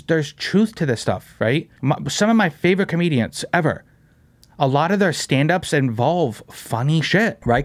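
A man with a fairly high voice hosts a casual podcast, talking in loose, rambling runs stuffed with "bro" and "you know what I mean." He keeps slipping into mocking voices of his critics. The sound is close and dry, with no room around it. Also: no echo. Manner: slips into mocking voices of commenters. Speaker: podcast host.

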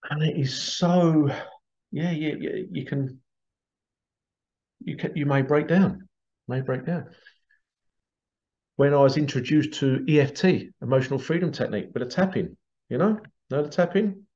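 A healing therapist talks casually to camera in a rambling monologue, repeating his phrases and acting out quoted voices. His voice is on the high side and mellow, unhurried with frequent pauses, and the highs are cut off.

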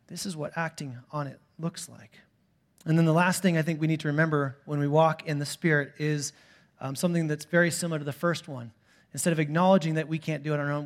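A man in his thirties, a pastor preaching a sermon in a church, telling stories with swings from quiet asides to loud bursts. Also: on the high side. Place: church sanctuary.

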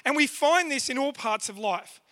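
Aussie guy, really high and bright voice, jokey church talk with the crowd. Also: animated, moderate pace. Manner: playful, jokey, quizzing the crowd. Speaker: church speaker. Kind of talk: lively talk with a church audience.

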